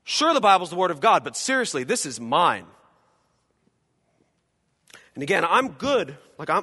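A male pastor preaches with a high, bright voice that has a ringing edge. He swings from loud to hushed as he acts out imagined voices. His words trail off into a long hall reverb from the church around him. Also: big pitch swings, measured pace, pauses often, husky. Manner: dramatic, acting out quoted voices, swings from loud to quiet. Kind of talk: sermon.

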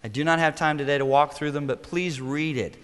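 A middle-aged man, a pastor, preaching a sermon in an emphatic, punchy way with sudden loud bursts. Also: fairly high pitch, fairly even intonation, fairly quick. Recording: long reverb of a church hall.

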